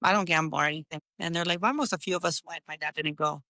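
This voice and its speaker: A woman's voice: sits low, level tone, fast talker, bright, forceful tone, dry recording. A woman co-hosting a casual podcast, telling stories and mixing Spanish words into her English. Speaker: podcast co-host. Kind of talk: casual conversation and storytelling.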